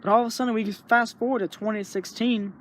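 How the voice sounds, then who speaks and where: A man's voice: sits high, steady tone, fast, a little hiss or hum. A young man talking earnestly in a rambling, casual way, sharing his thoughts and acting out little inner voices. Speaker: vlogger. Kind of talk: casual spoken reflection.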